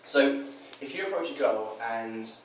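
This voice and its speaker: A man's voice: mid-range voice, measured pace. Man talking in a roomy, echoey space. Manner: animated, acts out quoted lines in changed voices. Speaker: dating coach. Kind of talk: casual explanatory chat. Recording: roomy echo, mic from a distance, faint noise.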